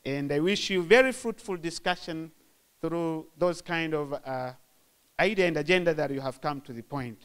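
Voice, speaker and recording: A man with a Tanzanian accent giving a measured, formal speech to open a conference, repeating his phrases. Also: a little high, clear, resonant tone. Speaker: guest of honour opening a conference.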